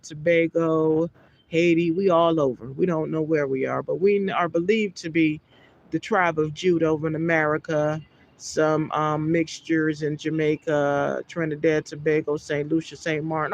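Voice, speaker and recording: A woman's voice: low voice, lo-fi sound. A woman reading Bible passages aloud in an elevated tone and breaking off into loose, filler-laden commentary. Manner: reads archaic scripture in a lifted tone, then drops into loose asides with fillers. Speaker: scripture reader.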